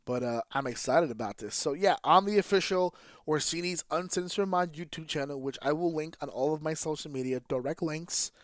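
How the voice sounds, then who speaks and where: A man's voice: a little high, fairly quick, no room sound, studio quality. A man hosting his own podcast, giving casual solo commentary in a candid, casually profane way with fillers and restarts. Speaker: podcast host.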